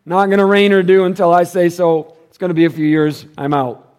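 A bold male prophet squaring up to a king, blunt and offhand, talking like a regular guy with slang as a male pastor acts him out in his sermon. His voice sits slightly high and stays casual. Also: flat delivery, brisk, a little mellow, smooth, close to an everyday voice.

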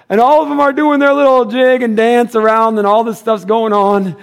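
A man with a notably high-pitched voice preaches to his congregation, swinging between playful jokes and loud bursts of energy. He often sinks to a quiet, earnest hush to drive a point home. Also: moderate pace, creaky, clean tone. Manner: animated and joking, then dropping to a hushed earnest tone. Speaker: pastor. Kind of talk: sermon.

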